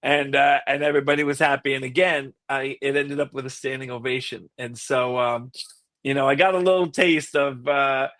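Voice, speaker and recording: Bright-voiced tenor man telling a story. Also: mid-range voice, moderate pace, dry recording. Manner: animated storyteller who acts out quotes. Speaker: guest, classical tenor singer. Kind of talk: casual anecdote on a podcast.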